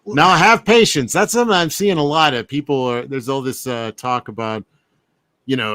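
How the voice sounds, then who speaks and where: A man hosting a casual chat, relaxed and reflective, chuckling often. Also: a little high, normal speed, dry recording.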